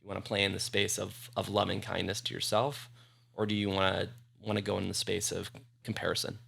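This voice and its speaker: A man on a podcast speaks bluntly and plainly. His low voice carries a heavy gravelly fry that runs under almost every phrase, and the recording is close. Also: level tone, a little fast, fairly bright tone. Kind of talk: casual podcast conversation.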